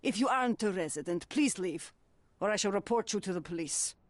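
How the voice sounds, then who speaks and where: A woman's voice: mid-range voice, animated, a little fast, no room sound, lightly acted. A woman voicing an old game landlady, stern, prim, scolding, dry booth sound. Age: older. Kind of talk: video game voice acting.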